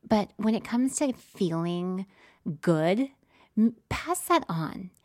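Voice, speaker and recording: A woman's voice: mid-range voice, expressive, takes it slowly, darkish tone, dry recording, studio quality. A young woman co-hosting a podcast, chatty and self-deprecating, giving encouraging advice in casual conversation. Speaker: podcast co-host.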